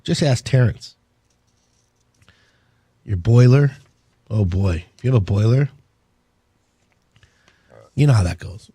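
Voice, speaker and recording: Male talk-radio host with a warm, slightly husky voice, rambling and upbeat. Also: mid-range voice, animated, slow, pauses often, dry recording. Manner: rambling, enthusiastic salesman patter. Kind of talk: casual on-air talk.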